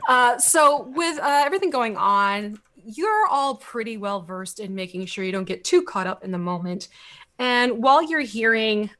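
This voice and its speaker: A young woman narrating a tabletop game as game master, in a quick, casual way with fillers. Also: on the high side, animated, pushed and bright.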